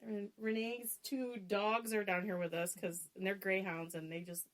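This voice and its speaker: A woman's voice: mid-range voice, little pitch movement, moderate pace. A woman co-hosting a casual podcast at her sister's house, chatty and laughing often, recorded on a phone. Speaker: podcast co-host.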